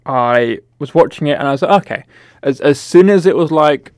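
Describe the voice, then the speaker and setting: A man's voice: on the high side, fairly quick, a little mellow, no echo, clean studio sound. A man in a casual film chat who talks in an easygoing way, full of "like" fillers. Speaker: podcast co-host.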